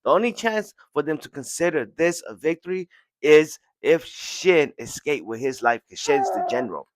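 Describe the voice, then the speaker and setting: A man hosting a podcast who recaps a comic chapter with excitement, repeating words and acting out lines. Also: on the high side, normal speed, no room sound. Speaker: podcast host.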